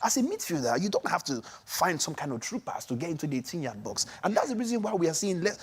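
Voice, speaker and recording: A man from Nigeria co-hosting a sports show, talking in animated, excitable bursts with many restarts. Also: fairly high pitch, quick pace, hardly any pauses, husky. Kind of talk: casual sports chat.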